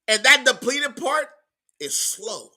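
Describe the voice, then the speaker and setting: A man preaching a sermon in an emphatic, repetitive style, moving between quiet stretches and loud outbursts. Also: very high-pitched, animated, slow pace. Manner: emphatic preaching, repeats words, swings from soft to loud.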